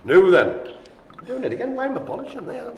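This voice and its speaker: A man's voice: very high voice, wildly swooping pitch, brisk, narrow, tinny audio. A man calling a live-streamed bingo game in an indoor room with a small audience, chatty and teasing. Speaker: bingo caller. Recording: echoey room.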